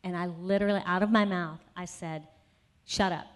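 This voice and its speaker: A woman's voice: lowish voice, fairly even intonation, a little fast, clean tone. A woman speaker at a conference sharing a personal testimony in a sermon, telling her story conversationally with many asides and building to emphatic conviction. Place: conference session.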